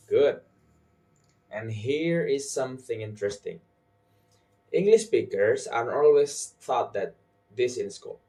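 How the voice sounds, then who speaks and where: Slow, deliberate young male tutor. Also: lively intonation. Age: young adult. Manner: slow and deliberate, stresses example words loudly and high. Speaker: English pronunciation tutor. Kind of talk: scripted lesson.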